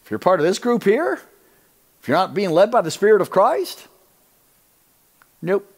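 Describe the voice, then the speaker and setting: Animated male preacher with a lively pitch. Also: moderate pace. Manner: emphatic, often asks listeners "you see it?". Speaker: Bible teacher.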